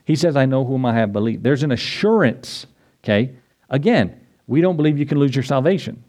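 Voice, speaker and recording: A man preaching a sermon to his congregation, conversational and then rising to excited emphasis. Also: mid-range voice, brisk. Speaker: pastor.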